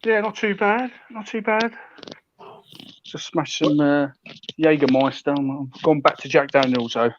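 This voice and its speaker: A man's voice: a little high, a little slow. Cheerful male guest, lo-fi call, faint background noise. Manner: cheerful, laughing as he joins. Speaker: guest vlogger. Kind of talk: casual livestream chat.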